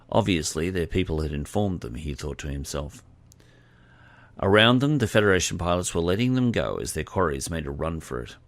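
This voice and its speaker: A man reading scripted audiobook narration in a steady, expressive way. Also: low-pitched, no room sound.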